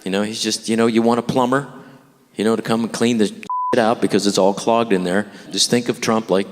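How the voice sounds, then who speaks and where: A man's voice: on the low side, fairly even intonation, brisk, long reverb tail. A male stand-up comedian doing a wry, mocking set live on stage. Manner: wry, mocking, puts on voices for jokes. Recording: live club recording with loud crowd noise.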